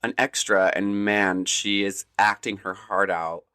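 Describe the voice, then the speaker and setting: A man co-hosting a podcast, retelling scenes casually in an animated way and laughing often. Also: lowish voice, unhurried, a little hiss or hum. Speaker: podcast co-host. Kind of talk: casual chat.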